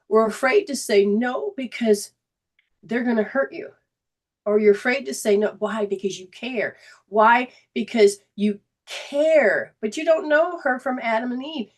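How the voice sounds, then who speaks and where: A woman host of a healing talk show, sharing a personal story in a casual, earnest way with many restarts. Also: a little high. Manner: earnest storytelling, quotes others, frequent restarts. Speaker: host, energy healer.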